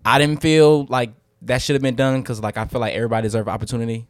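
Blunt fast-talking male co-host. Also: medium pitch, steady tone, no room sound, studio quality. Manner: blunt, loose, curses freely. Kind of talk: casual chat.

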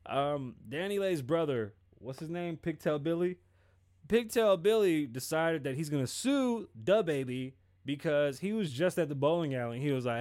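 A man's voice: a little high, expressive, normal speed, a little mellow. A male host giving casual, profane pop-culture commentary on a livestream and acting out quoted dialogue.

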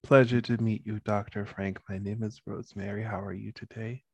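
A man voicing a polite older woman sleuth, speaking softly. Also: fairly low pitch, little pitch movement, fairly quick, creaky, husky. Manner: soft, polite.

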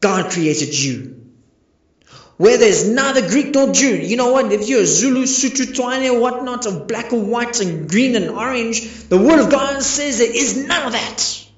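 A man preaching with a high, ringing voice, firing rhetorical questions at his congregation. The sound is echoey and a little dull, like a lo-fi recording in a reverberant room. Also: lively intonation, measured pace. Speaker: pastor. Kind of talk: sermon.

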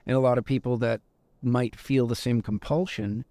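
Thoughtful male co-host, mellow tone. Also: mid-range voice, fairly even intonation, moderate pace, no echo. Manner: thoughtful, searching for words. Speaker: podcast co-host. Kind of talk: casual interview questions.

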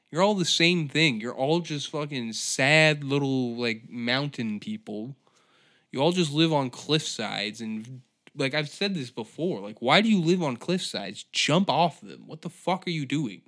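A man's voice: medium pitch, fairly bright tone. A man hosting a comedy podcast, ranting sardonically with heavy profanity.

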